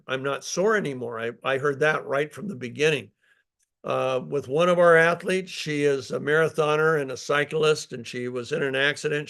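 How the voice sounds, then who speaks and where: An older man with a gravelly, creaky voice pitched a little high tells stories and explains his product. He is emphatic, piles on fillers and restarts himself often, like a founder talking live to an audience. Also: fairly bright tone. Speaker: company founder.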